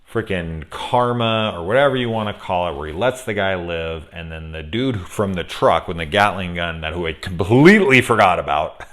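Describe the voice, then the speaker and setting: Low-voiced man ranting in a film review. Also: a bit bright. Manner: rambling, profane and heated, laughing often. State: angry. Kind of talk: casual spoiler review.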